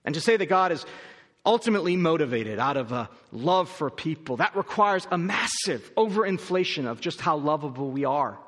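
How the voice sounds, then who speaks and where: A man's voice: a little high, lively intonation, normal speed, fairly bright tone. A male pastor preaching a sermon, arguing his point emphatically and asking rhetorical questions. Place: church auditorium. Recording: long reverb of a large hall.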